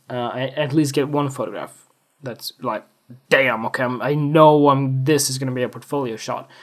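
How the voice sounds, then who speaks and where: Rambling man with a self-mocking, jokingly boastful streak. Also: mid-range voice. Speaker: podcast host. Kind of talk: casual solo podcast monologue. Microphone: USB desktop microphone.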